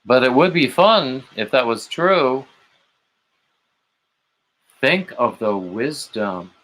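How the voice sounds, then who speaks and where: A man's voice: mid-range voice, expressive, takes it slowly, fairly bright tone, poor audio. A man hosting a late-night livestream, rambling on and greeting chat viewers by name with gushing, emotional asides. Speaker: livestream host.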